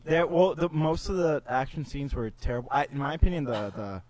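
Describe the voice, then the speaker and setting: A man's voice: a little high, fairly quick, a little mellow, low-quality recording. A man co-hosting a casual movie review podcast, laying out his argument at length. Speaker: podcast co-host.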